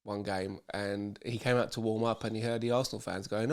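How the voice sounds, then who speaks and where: Teasing podcast host. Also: male voice, fairly low pitch, fairly even intonation, fairly quick, few pauses, a little mellow, smooth. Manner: teasing, storytelling. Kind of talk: casual chat.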